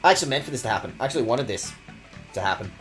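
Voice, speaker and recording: A man's voice: mid-range voice, big pitch swings, racing, a bit bright, faint music behind. A young man streaming a video game, swearing and mock-outraged as he reads the game text aloud and talks to chat. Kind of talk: casual let's-play commentary.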